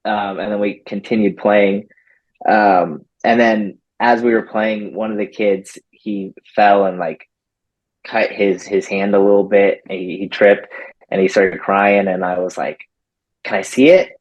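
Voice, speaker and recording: A man's voice: on the low side, measured pace, highs cut off. A man, a dog trainer, telling a story in a casual interview and acting out what people said, with lots of "like". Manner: animated, acts out quotes with lots of "like".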